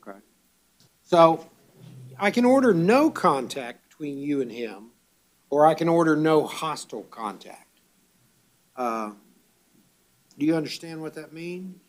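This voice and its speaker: At a bond hearing in court, a judge reads the charges and bond conditions in a measured, formal way, pausing on fillers. His voice sits somewhat high for a man and has a sing-song quality.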